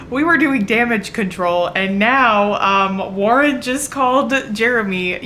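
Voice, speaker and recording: A young woman vlogging her live reaction to a book late at night. She is keyed up and excitable, swears freely, and drops between loud exclamations and hushed whispers. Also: fairly high pitch, a little slow, few pauses, a little hiss or hum.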